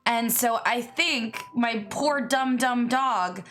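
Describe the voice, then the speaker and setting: A woman's voice: fairly high pitch, slow pace, a bit bright, faint music behind. A young woman streamer chatting casually and giggling as she greets her viewers by name. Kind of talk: casual live-stream chat.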